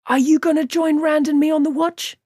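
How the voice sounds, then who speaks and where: A woman voicing an eager, boastful young village man in an audiobook, talking in an excited, pushy way. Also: high voice, fairly quick, dry recording, studio quality, pitched above the performer's own voice, lightly acted.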